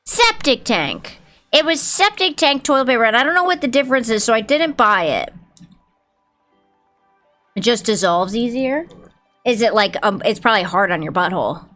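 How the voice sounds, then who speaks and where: A woman's voice: mid-range voice, a bit bright. A woman livestreamer chatting casually with her viewers, telling stories and swearing freely.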